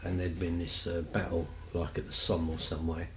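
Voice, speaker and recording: A man's voice: low-pitched, monotone, brisk, reverberant, a little hiss or hum, poor audio. A man telling stories casually, rambling and chatty with lots of fillers. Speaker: vlogger. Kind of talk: casual storytelling.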